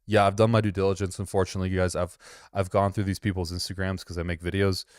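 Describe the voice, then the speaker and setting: A man with a slightly low-pitched voice talks through a casual reaction commentary. He rambles, swears freely and mocks what he sees. The sound is close and dry, with no room around it. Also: flat delivery, fast talker, clean tone, no echo. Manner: profane, mocking, rambling. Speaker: commentary host.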